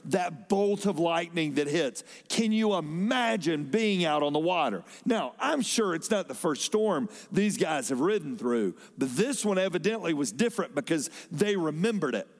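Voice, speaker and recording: A man preaches from the pulpit in a high voice. His delivery swings from loud emphasis to sudden soft drops. Long reverb rings through the large church hall around him. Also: animated, normal speed, few pauses. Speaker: pastor. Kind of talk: sermon.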